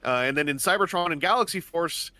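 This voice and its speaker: A man's voice: a little high, fast, bright, forceful tone, no echo. A man chatting casually on a gaming stream, explaining at length with lots of fillers and restarts. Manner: rambling, enthusiastic explainer, many fillers and restarts.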